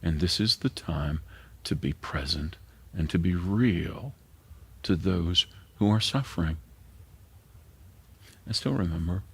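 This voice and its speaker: Middle-aged pastor preaching, earnest, gravelly low voice, kinda husky. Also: male voice. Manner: earnest, drops to a near whisper at tender moments. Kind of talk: sermon.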